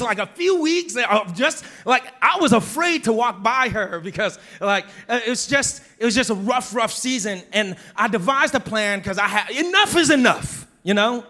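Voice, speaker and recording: A man in his thirties, a pastor, preaching a sermon in a conversational, animated way. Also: sits high.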